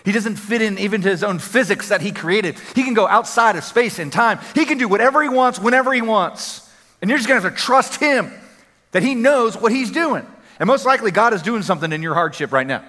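A man preaching a sermon as a pastor, energetic and conversational, repeating phrases for emphasis. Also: sits high, fairly quick. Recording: long hall reverb.

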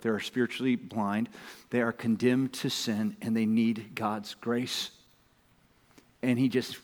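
A middle-aged man preaching a sermon as pastor, emphatic and repetitive, building to loud urgent exhortation. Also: mid-range voice. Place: church sanctuary. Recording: long hall reverb.

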